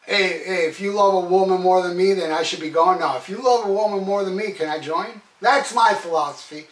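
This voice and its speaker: High-voiced man mocking songs in an echoey room. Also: a little fast. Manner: profane, mocking, sarcastic. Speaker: album reviewer. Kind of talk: casual review monologue. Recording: echoey room, mic at a distance.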